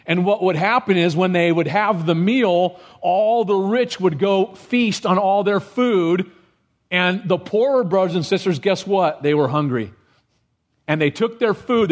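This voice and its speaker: A man preaching a sermon to his congregation, animated, rising in pitch for emphasis and asking rhetorical questions. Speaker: pastor.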